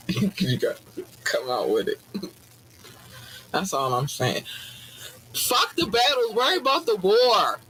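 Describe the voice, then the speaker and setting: A man's voice: medium pitch, gravelly, a little hiss or hum, rough recording. A man hosting a podcast, ranting in a loose, profane, preachy way like a mock sermon. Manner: profane, animated, preachy asides. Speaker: podcast host. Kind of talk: casual rant with mock sermon.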